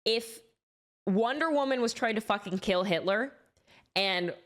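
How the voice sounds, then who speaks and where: A woman's voice: mid-range voice, animated, unhurried. A young woman streamer chatting casually with her live chat, swearing freely and often restarting her sentences.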